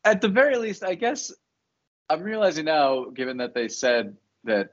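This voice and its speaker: A man's voice: on the high side, moderate pace. A man co-hosting a podcast, thinking aloud in hesitant, hedging casual chat, in muffled audio. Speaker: podcast co-host. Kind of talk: casual chat about a TV show.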